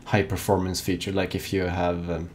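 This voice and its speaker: A young man co-hosting a live online show, talking in a loose, rambling way, with frequent "like"s and self-corrections. His voice sits on the low side. A faint hiss runs under the home microphone. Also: monotone, normal speed. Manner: rambling, full of "like" and restarts. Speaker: co-host of a fan-made live gaming show. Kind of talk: casual live-show chat.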